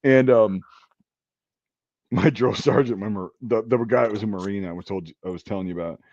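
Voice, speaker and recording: A man casually telling army stories with lots of swearing, acting out a drill sergeant's shouts. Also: lowish voice, normal speed, no room sound, dull audio. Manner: profane storytelling, acts out drill sergeant shouts. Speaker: podcast host. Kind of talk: casual chat.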